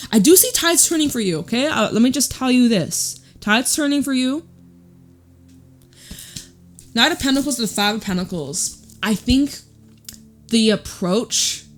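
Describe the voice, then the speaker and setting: A woman giving a casual, chatty tarot reading. She speaks straight to the viewer, swears now and then and laughs easily. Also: on the high side. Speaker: tarot reader.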